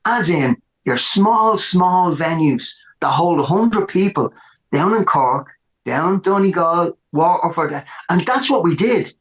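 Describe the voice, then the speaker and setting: Brief: Irish male musician guest, higher voice, lively storyteller, roomy echo. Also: slow. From Ireland. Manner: animated, repeats words for emphasis. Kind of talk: casual storytelling interview.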